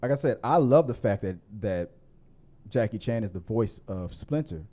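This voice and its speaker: A man hosting a casual movie talk show, rambling with many restarts and growing more animated as he argues his point. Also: fairly low pitch, normal speed. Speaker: podcast host.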